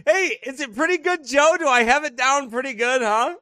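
A man telling casual stories over travel photos, animated and quick to laugh. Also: very high voice, dry recording, clean studio sound. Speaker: vlogger showing travel photos. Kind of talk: casual storytelling.

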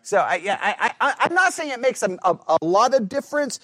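A man's voice: extremely high pitch, sing-song, a little fast, bright, forceful tone, no echo. A man leading a Bible study in a conversational way, thinking aloud, restarting his words and checking in with the group.

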